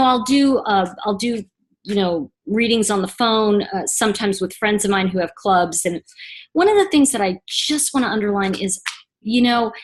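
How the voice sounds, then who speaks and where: A woman teaching tarot reading in a chatty monologue, acting out little scenes in a hushed voice. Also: mid-range voice.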